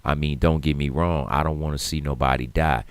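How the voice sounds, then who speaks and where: Detroit radio co-host, low voice, dry close mic, animated slangy rant. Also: male voice, a little fast, smooth, no echo. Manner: animated, rising to loud emphatic rants; streetwise slang, laughs through hard talk. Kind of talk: casual talk radio monologue.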